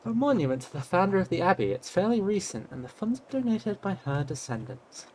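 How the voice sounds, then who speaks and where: A man's voice: high-pitched, sing-song, fairly quick, a little mellow, a little hiss or hum. A young man streaming a story game, chatting casually and reading its dialogue aloud in a playful manner. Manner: playful, swearing, reacts with little gasps and laughs.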